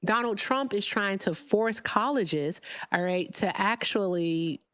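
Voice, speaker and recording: A woman's voice: medium pitch, animated, slow, a bit bright, smooth, no room sound. Woman, talk host, blunt, emphatic, dry close sound. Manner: blunt, emphatic, lecturing with repeated "all right?". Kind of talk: live political call-in debate.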